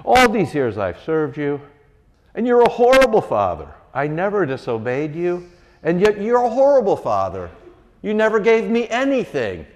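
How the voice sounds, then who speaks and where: A man's voice: huge pitch swings, normal speed, darkish tone, in a large hall, muffled recording. A man voicing a resentful older brother who whines indignantly in a raised voice. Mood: bitter. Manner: whiny, indignant, raised pitch.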